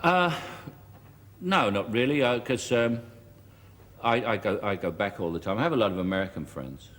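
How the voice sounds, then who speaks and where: A man's voice: fairly low pitch, expressive, moderate pace, fairly bright tone. Wry Cockney man, echoey TV studio. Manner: wry, joking, with stammered restarts. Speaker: talk show guest. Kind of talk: chatty anecdotal interview. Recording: archive TV studio with hall echo and faint hiss.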